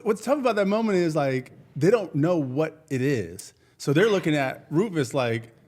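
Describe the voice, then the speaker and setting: A man co-hosting a podcast, chatting casually and chiming in with quick remarks. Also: on the high side, lively intonation, a little mellow. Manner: short reactive interjections and quips. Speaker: podcast co-host.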